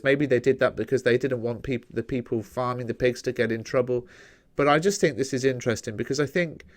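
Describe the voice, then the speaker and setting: A man's voice: medium pitch, a little mellow. A man with an English accent teaching a Bible study lesson in a conversational, explanatory way, often checking in with "okay?".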